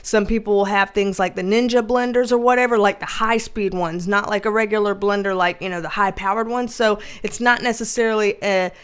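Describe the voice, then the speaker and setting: A woman hosting a casual livestream, reading chat aloud, loud and animated, laughing and swearing often. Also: mid-range voice, a little fast, few pauses, smooth.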